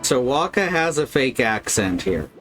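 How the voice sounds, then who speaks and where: A man's voice: mid-range voice, very animated, a little slow, a bit bright, soft background music. A man streaming a video game live, commenting casually and wryly. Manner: casual, wry, critical.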